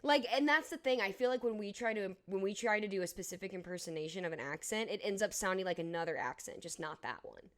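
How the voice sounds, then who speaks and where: A woman's voice: mid-range voice, fast, hardly any pauses. A woman co-hosting a podcast in casual chat, playful and teasing. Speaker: podcast co-host.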